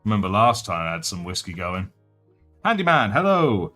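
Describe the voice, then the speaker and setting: A man with a baritone voice hosting a casual painting livestream, chatty and jokey, thanking viewers as he works. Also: steady tone, quick pace, sharp tone, soft background music. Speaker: livestream host.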